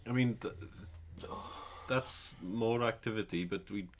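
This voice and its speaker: A man playing a tabletop game, making short, measured remarks in casual chat. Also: on the low side, slight background noise. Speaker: player.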